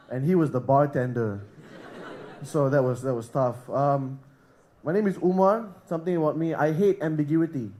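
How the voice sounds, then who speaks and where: A man from Singapore doing a stand-up set on a comedy club stage, with a deadpan, self-deprecating delivery. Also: fairly high pitch, a little hiss or hum.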